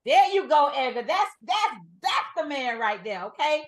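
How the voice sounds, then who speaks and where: A woman runs a lively trading class, her voice sitting a little high. She hammers each point home, repeating lines and calling out to the room. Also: normal speed. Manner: emphatic, repeats points, addresses the group as y'all. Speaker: trading instructor. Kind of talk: energetic classroom teaching.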